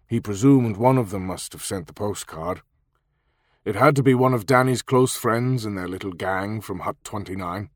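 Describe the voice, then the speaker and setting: A low-voiced male audiobook narrator tells the story in a measured, even way. The recording is clean studio sound with no room sound.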